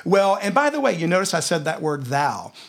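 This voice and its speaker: A man with a Southern US accent teaching a conversational Bible lesson, telling stories and slowing down to read scripture aloud. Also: fairly high pitch, big pitch swings. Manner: storytelling, slows down to read scripture.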